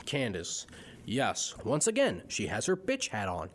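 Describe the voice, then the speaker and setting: A man's voice: on the low side, huge pitch swings, a little slow. Opinionated young man reviewing cartoons. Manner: opinionated, exasperated rants with sarcastic asides. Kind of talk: scripted review narration.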